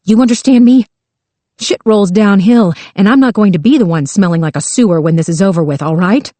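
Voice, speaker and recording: A woman's voice: medium pitch, a little fast, no echo, natural voice. A woman reading a desperate, hostile captive woman who snarls and screams curses. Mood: snarling. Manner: snarling, barking, shouting profanity.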